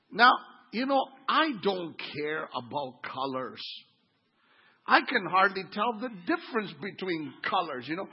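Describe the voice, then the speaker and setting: Man in his fifties, pastor, sermon, husky, animated, quiet asides to loud exclaiming, dull lo-fi recording. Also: high voice, normal speed. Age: 50s.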